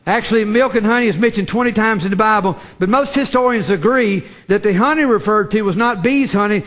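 Fervent high-voiced male preacher. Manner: fervent, repeats phrases, builds to shouted emphasis. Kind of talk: sermon.

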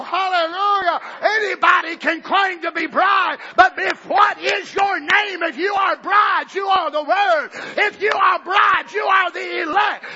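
A male preacher, shouting a fiery revival sermon to a church service and acting out the voices he quotes. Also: very high voice. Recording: dull lo-fi church tape.

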